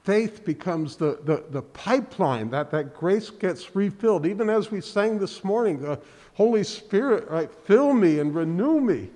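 A man preaching a sermon in earnest, halting speech, often restarting and repeating words. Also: high-pitched, expressive, dark tone, long reverb tail. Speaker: pastor. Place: church sanctuary.

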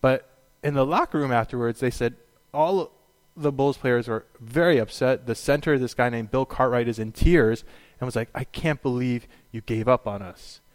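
A man's voice: mid-range voice, moderate pace. A middle-aged man preaching a sermon as pastor, telling stories in a chatty way, with plenty of fillers and little laughs. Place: church sanctuary. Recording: long hall reverb.

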